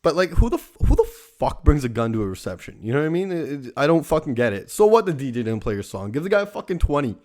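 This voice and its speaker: With a slightly high, sing-song, a little mellow voice, the young host talks quickly with few pauses. His casual storytelling podcast is rambling and full of swearing, with lines often tagged "right?"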